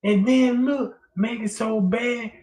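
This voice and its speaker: Slow, mocking man in an echoey room. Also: extremely high pitch, steady tone, a little mellow. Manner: mocking, profane, drawn-out delivery. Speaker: livestream host. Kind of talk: crude comedic commentary.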